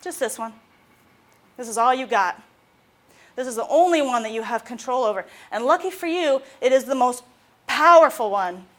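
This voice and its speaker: A woman, a mental health specialist giving an informal talk to students, telling stories with lively acted-out quotes. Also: fairly high pitch, moderate pace, pauses often.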